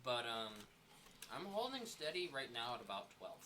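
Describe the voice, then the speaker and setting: A man running a tabletop role-playing game, chatting casually and then narrating the story with frequent ums and pauses. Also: mid-range voice, big pitch swings, pushed and bright, a little hiss or hum. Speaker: game master.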